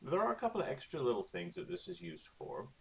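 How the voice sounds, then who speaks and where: A man's voice: mid-range voice, wildly swooping pitch, quick pace, a bit bright. A male teacher talking casually through a recorded online lesson, with lots of okays and ums. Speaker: Spanish teacher.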